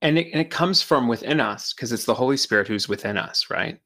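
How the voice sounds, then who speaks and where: A man's voice: mid-range voice, lively intonation, fairly quick, bright, forceful tone. A man co-hosting a faith podcast, reflecting in casual conversation and thinking aloud with many fillers. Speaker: podcast co-host.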